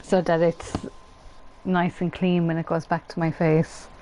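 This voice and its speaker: A woman's voice: on the low side, flat delivery, measured pace, dark tone, slight background noise, poor audio. A woman chatting casually while streaming a co-op game, rambling through anecdotes with many fillers. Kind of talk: casual chat.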